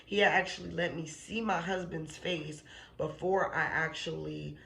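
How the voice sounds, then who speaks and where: A woman's voice: low voice, fairly even intonation, a little slow, creaky, fairly bright tone, a little hiss or hum. A woman sharing a personal faith testimony in a casual, emphatic way. She repeats phrases for emphasis and keeps checking in with "okay?" and "you know what I'm saying?". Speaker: channel host giving a faith testimony.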